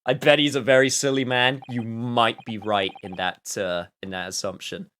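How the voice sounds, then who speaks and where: A man's voice: medium pitch, steady tone, normal speed, a bit bright, clean tone. A man giving casual, joking gameplay commentary, reacting aloud and reading dialogue.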